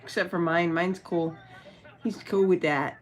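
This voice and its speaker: A woman's voice: lowish voice, steady tone, a little slow. A woman vlogging at home with her dog. She chats in a rambling, giggly way and uses lots of fillers. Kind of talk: casual livestream chat.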